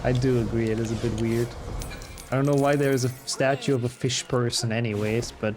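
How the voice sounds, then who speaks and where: A man's voice: medium pitch, fairly quick. A man streaming a video game, chatting casually and answering his chat as he plays. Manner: reads and answers chat while playing, relaxed and chatty. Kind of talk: casual live-stream chat over gameplay. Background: game music.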